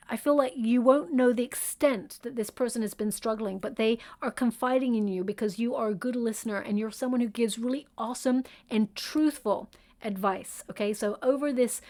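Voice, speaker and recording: A woman's voice: on the high side, normal speed, mellow. A woman giving a spoken tarot reading, talking in a soothing, reassuring way with frequent fillers and check-ins to the listener. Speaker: tarot reader.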